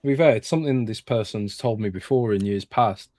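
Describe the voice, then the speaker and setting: A man's voice: fairly low pitch, fairly quick, warm tone, dry recording. A British man, a gaming reporter, talking casually on a podcast and often restarting his sentences. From Britain. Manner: hesitant, many restarts.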